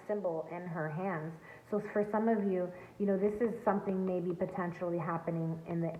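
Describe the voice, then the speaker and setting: A woman reads tarot for her viewers from home beside a backyard, her voice on the low side and a little mellow. She's earnest and emphatic, coaching in a spiritual tone. The audio is echoey and tinny like a phone, with a little hiss or hum.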